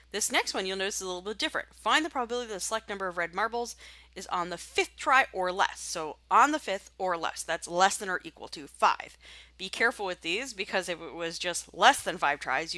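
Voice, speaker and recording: A woman teaching statistics by talking through a software tutorial, chatty and thinking aloud as she clicks. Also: lowish voice, no room sound. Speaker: statistics instructor. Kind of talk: screen-recorded software tutorial.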